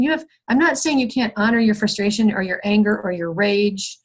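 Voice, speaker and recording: A woman's voice: medium pitch, a little fast. A young adult woman teaching an online wellness workshop over a video call, talking in a conversational, reflective way with many fillers and restarts. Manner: acts out her own past frustration with raised excited voice. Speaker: workshop facilitator.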